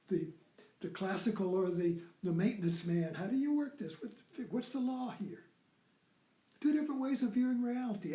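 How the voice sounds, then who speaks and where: A man's voice: sits high, mellow. Rambling man lecturing in an echoey room. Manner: rambling, repeats "you see" often. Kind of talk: informal lecture.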